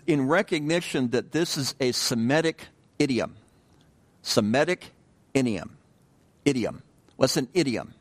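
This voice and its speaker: Man teaching a casual Bible study. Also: mid-range voice. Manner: conversational, repeats words, restarts phrases, asks the group questions.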